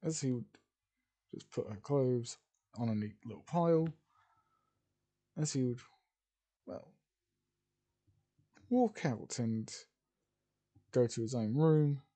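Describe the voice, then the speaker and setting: Man improvising a fan story, slow and mellow, rambling with restarts. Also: mid-range voice, lively intonation.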